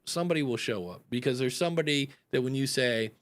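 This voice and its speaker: A man's voice: medium pitch, fast talker. A man, a podcast coach hosting a live advice chat, rambling and acting out example announcements.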